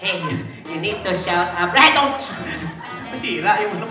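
A woman's voice: medium pitch, lively intonation, normal speed. A woman with a Filipino accent working as a party magician, playfully teasing and coaxing the children through her tricks. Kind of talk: live kids' party magic show. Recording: echoey party hall, far from mic, music and crowd.

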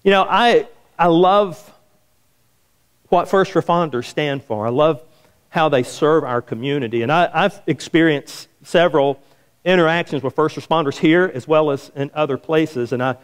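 Speaking at a moderate pace with a clean tone, a man preaches as a pastor in a church sanctuary, narrating a story and raising his pitch to act out the voices in it.

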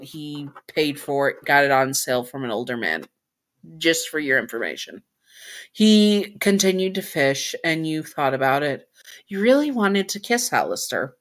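Brief: woman storyteller, casual and chatty, low voice, stops to correct herself. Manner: chatty, self-correcting asides. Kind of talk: casual fan-fiction narration.

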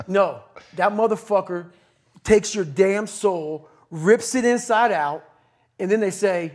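A middle-aged man on a podcast, giving a blunt, profane, forceful motivational talk. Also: sits high, expressive, takes it slowly. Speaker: podcast guest.

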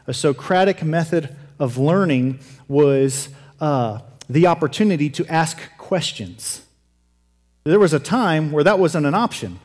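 A man's voice: fairly high pitch, lively intonation, normal speed, darkish tone, long reverb tail. A man preaching a sermon in a conversational, joking way, correcting himself and asking the congregation questions. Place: church.

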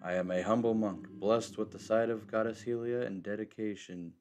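A man voicing a solemn, humble old male monk, speaking deep, grave and formal while reading game dialogue aloud. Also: fairly even intonation, normal speed, darkish tone, soft background music, close to an everyday voice.

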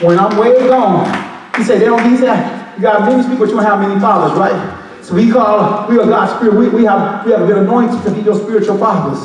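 A high-voiced man preaches with passion, moving between shouts, half-sung lines and loose street talk. He is heard from far off in a church hall with a long, ringing echo. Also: fast. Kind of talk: Pentecostal sermon. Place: church sanctuary.

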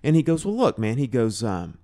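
A man, a guest on a podcast, telling a personal story in a casual, animated way and filling it with "you know". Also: mid-range voice, fairly quick. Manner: animated storyteller, acts out quoted dialogue, many "you know"s. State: emotional, choked up. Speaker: podcast guest, drum teacher.

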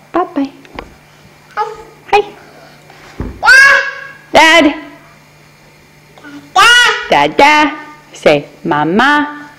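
A woman's voice: fairly high pitch, slight background noise. Sing-song mother cooing at her toddler. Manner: sing-song, coaxing, laughing often. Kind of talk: home video baby talk.

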